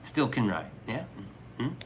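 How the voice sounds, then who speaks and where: A man's voice: mid-range voice, sing-song, a little slow, background noise. A man streaming live, chatting casually with his viewers in joking, profane, rambling banter. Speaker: livestreamer reading chat. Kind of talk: casual livestream chat.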